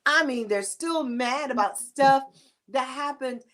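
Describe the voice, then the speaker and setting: A talk show host, a woman with a high voice, speaking emphatically and with animation as she urges her listeners. She drives her points home in a preachy, storytelling way. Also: slow pace, fairly bright tone.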